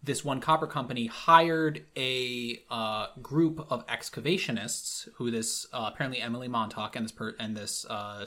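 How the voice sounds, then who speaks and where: A man's voice: medium pitch, pushed and bright. A man from Michigan narrating a tabletop game as game master. He rambles and trails off, filling gaps with "uh" and "like" as he lays out the scene. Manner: rambling, filler-heavy.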